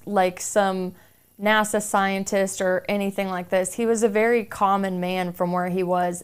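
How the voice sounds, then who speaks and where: A woman hosts a casual podcast interview, talking in a chatty, conversational way. Her voice is smooth and clear. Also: medium pitch. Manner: chatty, uses "like" often. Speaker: podcast host.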